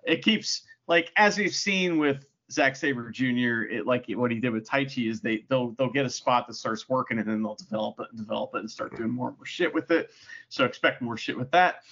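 A man co-hosting a casual podcast review, talking in an animated, jokey way with plenty of swearing. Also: medium pitch, a little fast, muffled recording. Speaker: podcast co-host. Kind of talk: casual wrestling review chat.

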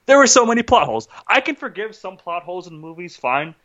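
A man's voice: high-pitched, sing-song, fast, muffled recording, a crowd in the background. A man co-hosting a podcast, ranting in an agitated casual way, often stopping to restart and asking "right?". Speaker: podcast co-host. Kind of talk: casual film rant.

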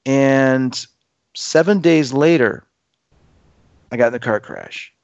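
Guest, male, 50s, animated storyteller who acts out dialogue; mid voice, dry close sound. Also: mid-range voice, takes it slowly, dry recording, muffled recording. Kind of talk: casual storytelling in conversation.

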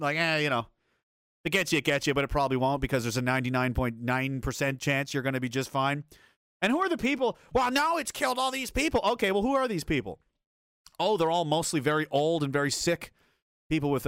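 A man's voice: a little high, a bit bright, no room sound, clean studio sound. A man hosting a video commentary, ranting in an angry, blunt and profane way. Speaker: commentary host.

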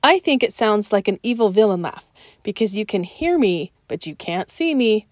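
A woman's voice: mid-range voice, sing-song, moderate pace, no echo. A woman hosting a podcast, reading scripted narration in a friendly, enthusiastic way with chatty personal asides. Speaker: podcast host.

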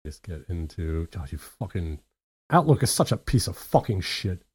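A man's voice: low-pitched, big pitch swings, moderate pace, breathy edge, no room sound. A man co-hosting a podcast, telling a rambling story with plenty of swearing and laughter on his own mic. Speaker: podcast co-host. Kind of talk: casual podcast chat. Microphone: own mic, recorded separately.

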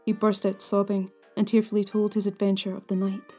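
A woman narrating old ghost stories in a hushed, measured way, at times near a whisper. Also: medium pitch, completely flat delivery, slightly rough, soft background music. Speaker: storyteller, podcast host.

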